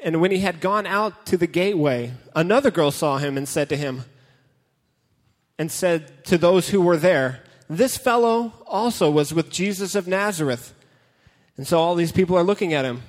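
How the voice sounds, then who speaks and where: A man's voice: sits high, animated, moderate pace. A man preaching a casual, joking sermon to a young crowd, retelling and reading a Bible story with dramatic flair. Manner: joking, dramatic storytelling, reads scripture aloud. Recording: long hall reverb.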